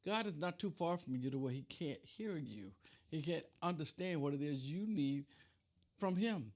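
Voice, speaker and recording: A man's voice: a little high, expressive, moderate pace. A man preacher giving a conversational Bible teaching, retelling scripture in plain everyday speech.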